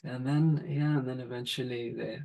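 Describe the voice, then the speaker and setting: A man talking as a podcast guest and father, in a gentle, thoughtful, unhurried conversation. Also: medium pitch, steady tone, vocal fry, low-quality recording. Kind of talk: reflective conversation.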